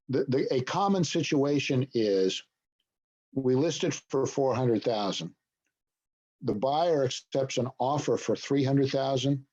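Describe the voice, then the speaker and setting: A man's voice: medium pitch, a little mellow, highs cut off. A man leading a business broker training, explaining points and checking in with "okay?". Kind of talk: training session talk.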